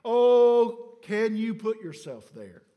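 A man pastor preaching a sermon to his congregation. He moves between hushed, quiet stretches and shouted climaxes, and often calls on the people directly for a response. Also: a little high, expressive, moderate pace, dull audio. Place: church sanctuary. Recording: church hall reverb.

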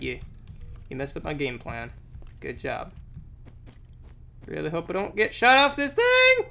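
A young man with a high, lively, bright voice narrates his gameplay, shouting at enemies and joking with the game. He is slightly sick with a sore throat, and his speech swings between unhurried musing and excited bursts. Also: gravelly. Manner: excitable, exclamatory, talks to the game. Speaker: gameplay commentator. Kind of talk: let's play commentary.

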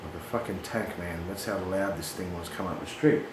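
A middle-aged Australian man casually telling a drug story, swearing often, animated and laughing at his own yarn. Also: sits low, fairly quick. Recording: echoey room with clear background noise.

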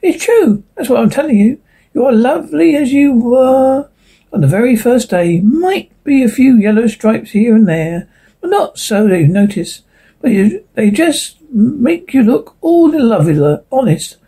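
A woman voicing a gentle, reassuring male autumn leaf in a storybook reading. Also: fairly high pitch, sing-song, a little slow, breathy edge, voice pushed up, full character voice. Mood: tender. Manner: tender, soothing.

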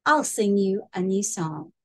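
A woman reading aloud and voicing a gentle, brave female slug in a storybook. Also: mid-range voice, animated, unhurried.

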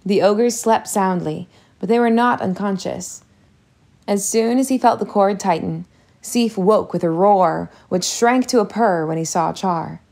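A woman reading a storybook aloud as narrator, in a steady, measured way. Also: mid-range voice, creaky. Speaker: audiobook reader.

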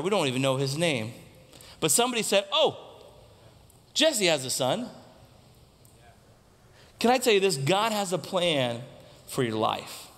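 A man with a fairly high voice delivers a sermon from the pulpit. He asks the congregation questions and repeats his main points for emphasis. His voice carries a long hall reverb from the church sanctuary. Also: fairly bright tone. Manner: preaching with rhetorical questions to the congregation; repeats key lines for emphasis. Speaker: pastor.

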